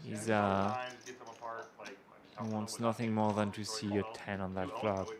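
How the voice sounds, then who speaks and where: A man's voice: fairly low pitch, a crowd in the background. French-accented man commentating live poker. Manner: excitable, quick reactions with gasps and laughs.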